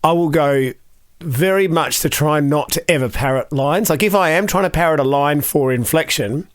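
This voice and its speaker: A man co-hosts a chat, talking emphatically and circling back over his words as he works out a point. His voice sits a touch higher than most men's. The sound is dry and close, with no room in it. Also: moderate pace, no echo. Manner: emphatic, repeats himself while he thinks. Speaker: co-host and voice director. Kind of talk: casual podcast chat.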